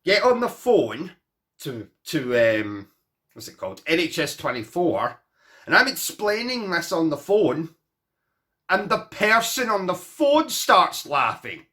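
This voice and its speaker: Animated man telling a funny story. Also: fairly high pitch, a little slow. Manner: animated, self-mocking, rambling with asides. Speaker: vlogger. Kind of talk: comic personal storytelling to camera.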